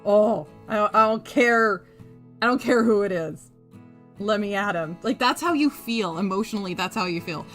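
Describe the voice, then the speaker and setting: A chatty woman streams from her craft room, reading viewers' messages and reacting with quick laughs and casual swearing. Her voice sits in a middle register. Soft guitar music plays faintly behind her. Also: mid-range voice, expressive. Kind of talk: casual live-stream chat.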